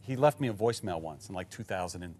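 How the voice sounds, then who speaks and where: A studio executive on a panel, reminiscing earnestly. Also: male voice, sits low, expressive, fast talker, darkish tone. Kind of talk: casual reminiscing.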